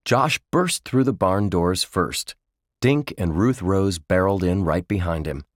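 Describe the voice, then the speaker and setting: A man narrating a children's book in a slow, measured storytelling manner. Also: deep voice, no room sound, studio quality. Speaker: audiobook narrator.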